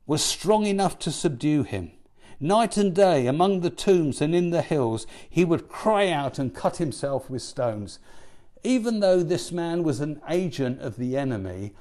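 A male preacher delivering a sermon in a fairly high, very lively voice. He fires off rhetorical questions and swings up into emphatic, driving passages before dropping back down. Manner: animated, rhetorical questions, rising to emphatic peaks.

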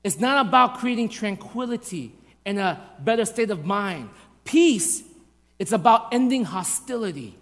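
Man, pastor, high voice, swooping lively delivery, sermon in a reverberant church hall. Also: measured pace. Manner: animated, acts out voices in anecdotes, rhetorical questions.

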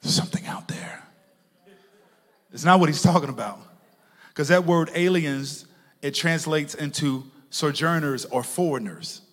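A male pastor preaching a sermon to his congregation, moving from hushed asides to loud shouted peaks, with playful laughing remarks. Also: a little high, moderate pace. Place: church sanctuary with a congregation. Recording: long reverb of a large church hall.

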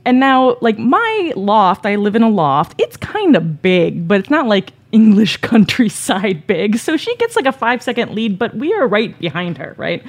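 A woman's voice: mid-range voice, normal speed, few pauses. A woman telling a comic personal story in a conversational way, often tagging lines with "right?" and laughing between them. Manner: animated, conversational, frequent "like" and "right?".

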